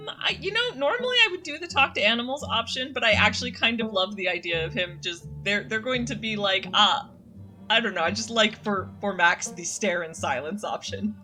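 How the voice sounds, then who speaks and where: A woman's voice: mid-range voice, expressive, brisk, bright, forceful tone, faint music behind. A woman streamer musing and rambling while playing and reading a story game aloud. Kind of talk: let's-play commentary and reading aloud.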